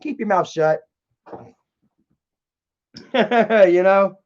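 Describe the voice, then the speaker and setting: A man's voice: high voice, drawn-out words, muffled recording. A man streaming live, telling rambling, profane stories to his chat and laughing along as he goes. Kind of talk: casual storytelling to chat.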